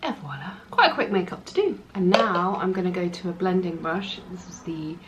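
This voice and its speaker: A young woman chatting through a makeup tutorial, gushing about the products and often dropping into a soft whisper. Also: lowish voice, expressive, brisk, highs cut off, heavy background noise. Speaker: makeup artist.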